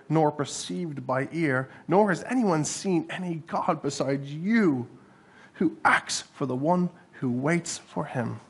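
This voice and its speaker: In a church hall, a male pastor gives a sincere, animated sermon, his husky, mid-range voice breaking now and then into bursts of laughter.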